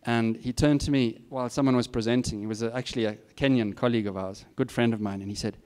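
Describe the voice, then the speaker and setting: A man's voice: mid-range voice, fairly even intonation, fast talker, a little mellow, clear, resonant tone. A middle-aged man giving students candid, plain-spoken career advice with self-deprecating asides. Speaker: guest speaker. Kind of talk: informal advice talk to students.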